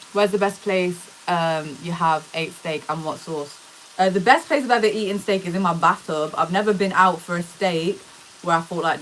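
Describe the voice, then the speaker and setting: A young woman talks casually to her live-stream viewers from her home kitchen. Her voice sits a little low, and she is loose and slangy as she answers the chat. A faint sizzle of frying food runs behind her. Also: a bit bright, slight background noise. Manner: chatty, slangy, answers viewer comments aloud. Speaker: livestreamer.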